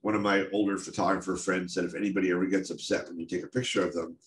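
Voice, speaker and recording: Rapid-fire and level in tone, a deep-voiced middle-aged American photographer tells stories from his career during a talk. He's candid and self-deprecating, with frequent fillers. The recording comes from an echoey room with faint noise.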